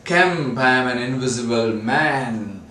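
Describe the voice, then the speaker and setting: A man's voice: mid-range voice, expressive, slow pace, pushed and bright, slight background noise. A man voicing a desperate invisible scientist. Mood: pleading. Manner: pleading, repeating himself urgently. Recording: roomy, distant mic, faint ambience.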